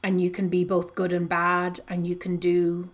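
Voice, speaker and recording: A woman's voice: fairly low pitch, monotone, moderate pace. Woman host, casual chat recapping a novel, chatty, filler-heavy. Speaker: podcast host discussing a book.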